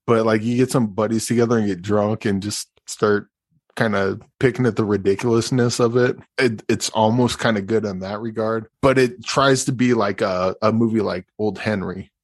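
A man's voice: fairly low pitch, dry recording. A man co-hosting a film podcast, chatting casually with sarcastic asides and frequent restarts. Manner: rambling, sarcastic, many restarts. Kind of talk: casual movie review chat.

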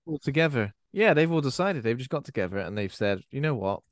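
A man's voice: mid-range voice, sing-song, fast, no room sound. A man co-hosting a podcast, chatting casually about a film and acting out quoted lines in silly voices. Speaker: podcast co-host.

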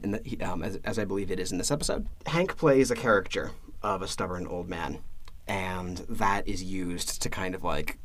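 Halting low-voiced man on a podcast. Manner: halting, many restarts, laughs at his own retelling. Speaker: podcast co-host. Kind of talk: casual podcast chat.

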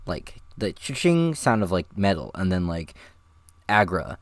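A man's voice: low voice, sing-song, unhurried, dry recording. A man recording voice lines, chatting casually between takes and rambling through hesitant fillers. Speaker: voice actor.

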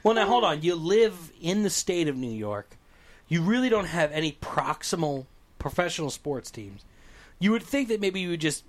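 Teasing New podcast host. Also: male voice, a little high, sing-song, normal speed. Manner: teasing, joking. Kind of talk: casual chat.

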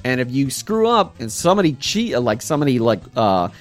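A man, a young adult, chatting casually as co-host of a gaming podcast, animated and laughing as he acts out quotes. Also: mid-range voice, brisk, faint music behind. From United States. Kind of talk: casual chat.

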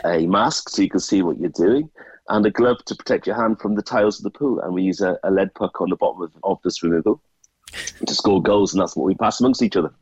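A man's voice: deep voice, fast, darkish tone, breathy edge, dry recording, muffled recording. A man with a Welsh accent, a radio guest chatting casually and explaining things, sometimes repeating words. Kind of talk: casual radio phone chat.

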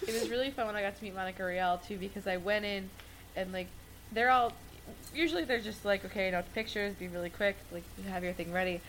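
A woman chatting casually on a podcast, excitable and gushing. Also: medium pitch, fast, a little hiss or hum, poor audio. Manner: excitable, gushing fan talk. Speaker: podcast co-host. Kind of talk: casual chat.

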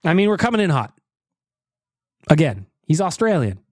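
Animated joking podcast host man. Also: a little high, moderate pace. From North America. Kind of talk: casual podcast chat.

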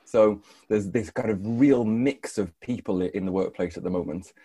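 Mellow low-voiced academic. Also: male voice, normal speed, slightly rough. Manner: thoughtful, many hedging fillers. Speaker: guest academic, associate dean. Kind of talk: conversational interview answers.

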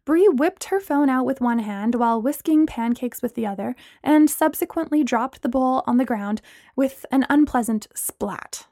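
A woman narrating a story aloud in an expressive, brisk way. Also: high-pitched, no echo, studio quality.

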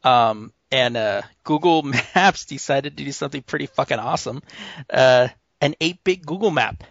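A man's voice: mid-range voice, lively intonation, normal speed, vocal fry, a bit bright, dry recording. An easygoing man co-hosts a podcast, rambling through his thoughts with plenty of fillers. The sound is dull and lo-fi, recorded dry and close. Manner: rambling, easygoing, laughs often. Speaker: podcast co-host. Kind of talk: casual chat.

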